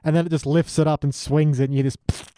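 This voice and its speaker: A man's voice: on the high side, little pitch movement, quick pace, mellow. A man chatting casually on a podcast, quoting lines in put-on voices. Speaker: podcast co-host.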